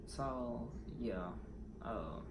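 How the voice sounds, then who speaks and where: A man's voice: mid-range voice, lively intonation, extremely slow, background noise. A man talking candidly in a personal vlog, rambling and swearing as he tells a painful story. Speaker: vlogger.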